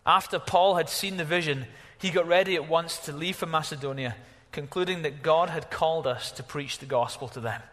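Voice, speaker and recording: In a reverberant church hall, a pastor delivers an animated sermon in a fairly high, bright voice. He talks a little fast with few pauses, sometimes exclaiming and sometimes dropping to a hush.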